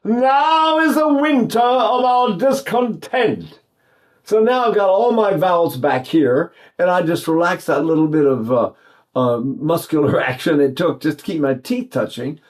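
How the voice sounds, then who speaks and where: An older East Texas man with a fairly high, expressive, slightly mellow voice talks at normal speed. It's a singing lesson with sung demonstrations, delivered in a rambling, folksy style full of restarts.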